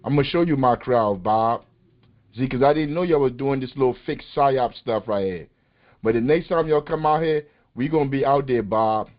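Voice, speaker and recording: This political podcast host talks at a moderate pace in a mid-range voice, delivering passionate political commentary with emphatic, street-casual energy. The recording sounds like muffled, lo-fi call audio.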